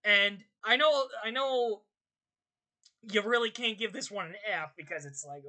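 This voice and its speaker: A young woman hosts her channel in a loose, ranting commentary. Her bright, sharp voice carries constant exasperation and swearing, leaping high when she gets worked up. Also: animated, normal speed. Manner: exasperated, swearing, rants with high-pitched outbursts. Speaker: channel host.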